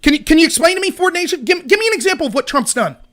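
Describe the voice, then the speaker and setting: A man with a very high, bright voice hosts a political livestream. He rants with heat and sarcasm and picks fights with people in his chat. His tone stays sharp and forceful throughout. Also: expressive, very fast. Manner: heated, sarcastic, argues with chat viewers. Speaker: show host.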